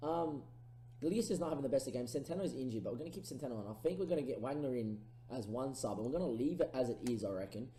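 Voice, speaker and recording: A man's voice: mid-range voice, fast, echoey room, slight background noise, low-quality recording. A man casually commentating his own football management game, thinking aloud through his tactics. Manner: thinks aloud, erupts into excited goal calls. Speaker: gaming streamer.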